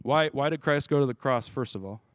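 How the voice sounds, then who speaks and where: A pastor with a medium-pitched, brisk voice gives an informal sermon. He keeps it casual and conversational, putting questions to his group and restarting as he talks.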